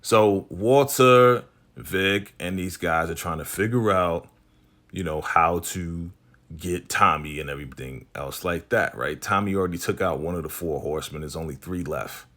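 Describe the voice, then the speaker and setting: Male recap host, low voice, casual slang delivery, acts out the dialogue. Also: normal speed, a bit bright. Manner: slangy, laid-back, acts out the characters' lines.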